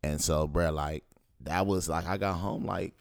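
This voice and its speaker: A man's voice: sits low, steady tone, a little slow, creaky, dry recording, clean studio sound. A young man in a casual chat, telling a heated story in slang with lots of fillers.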